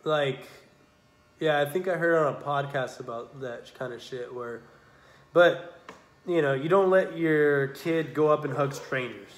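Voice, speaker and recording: Young man, podcast co-host, casual profane rambling, slightly high voice, roomy echo. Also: measured pace. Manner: profane, rambling, with many fillers. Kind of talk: casual chat. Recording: echoey room.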